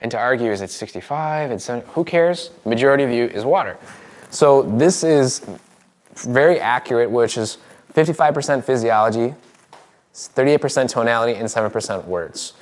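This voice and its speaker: Middle-aged male coach running a live workshop, animated and demonstrative. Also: medium pitch, fairly quick. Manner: animated, demonstrating with his body. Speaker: NLP trainer. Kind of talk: live seminar teaching. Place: seminar room with audience.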